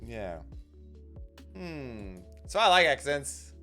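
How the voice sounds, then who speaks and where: A man's voice: mid-range voice, extremely slow, soft background music. A man with an Australian accent hosting a live stream, chatting casually and reading out viewer comments. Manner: chatty, reads out viewer comments, lively swings in loudness. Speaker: stream host.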